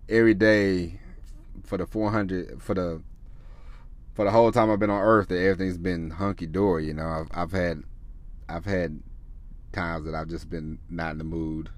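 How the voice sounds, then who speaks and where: A man with a deep voice hosts a casual solo podcast, rambling loosely, restarting his sentences often and swearing a lot. The recording is dry.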